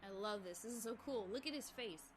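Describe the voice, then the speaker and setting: A young woman streaming a game, giggly, playful and quick to exclaim. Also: a little high. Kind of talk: casual gaming chat.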